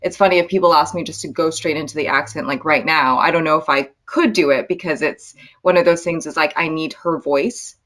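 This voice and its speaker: A woman's voice: low-pitched, fairly quick, few pauses, fairly bright tone. A woman, an actress, chatting casually in an interview, thoughtful and often starting with um or like. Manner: thoughtful, lots of filler and restarts. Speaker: actress guest.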